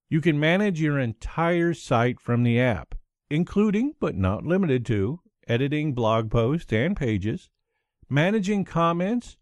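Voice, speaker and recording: A man's voice: a little high, darkish tone, no echo. A man hosting a solo podcast, upbeat and chuckling between points. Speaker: podcast host.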